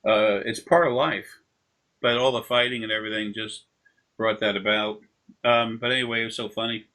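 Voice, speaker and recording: Bright-toned man rambling over a video call. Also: lowish voice, steady tone, normal speed. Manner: rambling, drifting into long anecdotes. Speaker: energy healer. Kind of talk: casual explanation during a session.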